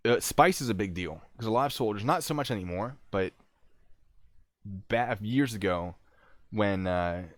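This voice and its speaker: Animated low-voiced male storyteller. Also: a little slow, pauses often, dry recording. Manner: animated, acts out quotes, restarts. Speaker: military storyteller and streamer. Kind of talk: casual storytelling.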